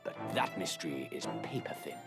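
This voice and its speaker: A man's voice: brisk, lightly acted. An actor with a British accent playing a grand, boastful male detective in a game, spoken over game music. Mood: grandiose. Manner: theatrical, boastful.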